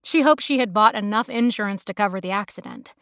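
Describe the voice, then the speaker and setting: Smooth-voiced woman narrating a romance. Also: medium pitch, quick pace, a bit bright, no room sound, clean studio sound. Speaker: audiobook narrator.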